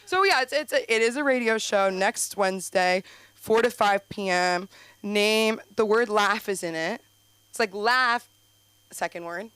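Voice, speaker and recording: A woman's voice: mid-range voice, measured pace, a bit bright, clear, resonant tone, dry recording. A woman doing a rambling, profane, self-mocking stand-up set at an open mic. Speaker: stand-up comic. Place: comedy club stage.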